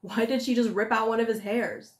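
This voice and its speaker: A woman retelling a fairy tale in a casual, lively, conversational way as a storyteller. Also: a little high, a little fast. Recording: echoey room.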